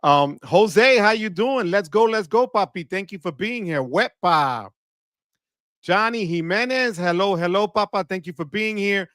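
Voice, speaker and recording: A man's voice: high voice, lively intonation, unhurried, fairly bright tone, no echo. A man hosting a live credit card stream from his studio, upbeat and chatty, greeting viewers one by one and mixing in Spanish words, his voice a little off from allergies. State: voice affected by allergies. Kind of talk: casual livestream chat. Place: home studio. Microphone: close studio mic.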